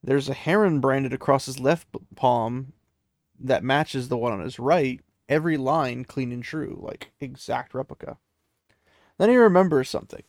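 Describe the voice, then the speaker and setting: Man, casual story retelling, chatty, gravelly voice, dry close sound. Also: medium pitch, moderate pace, a little mellow, no echo. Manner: chatty, loose, with many "he's like" asides.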